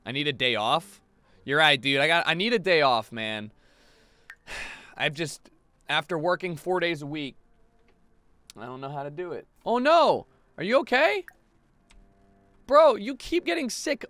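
A young man giving casual, swearing let's-play commentary on a life-sim game, excitable and given to shouting at the screen. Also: a little high, a little slow, pauses often, dry recording. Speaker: gaming video host.

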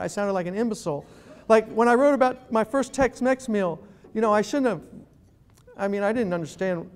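A middle-aged man giving an animated, self-deprecating humorous talk as a guest speaker. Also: high-pitched. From New York City. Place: event room.

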